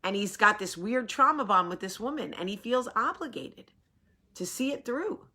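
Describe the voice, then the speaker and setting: Speaking to camera for a casual morning vlog, a woman from New Jersey in her forties tells chatty stories and performs the voices of the people in them. Her fairly high voice sounds sharp and expressive at a normal speed.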